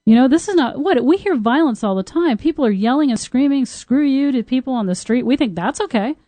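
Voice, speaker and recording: A woman's voice: high-pitched, fast, no echo. A woman podcast host and Tantra teacher with a singer's trained voice, telling stories candidly and talking openly about intimacy. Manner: lively, frank, openly talks about intimacy. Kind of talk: candid storytelling chat.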